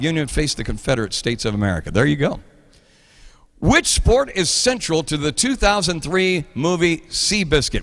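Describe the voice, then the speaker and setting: A man's voice: on the high side, fairly bright tone, long reverb tail. A man in his fifties hosting a live trivia show in a playful, jokey, rambling way. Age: 50s.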